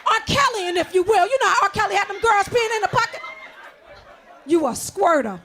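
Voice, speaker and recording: A middle-aged woman doing a bawdy stand-up set, chatty and swinging from loud outbursts to low asides. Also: lively intonation, brisk, a faint crowd, a little hiss or hum. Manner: bawdy, conversational, swings between loud shouting and low mutters. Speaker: stand-up comedian.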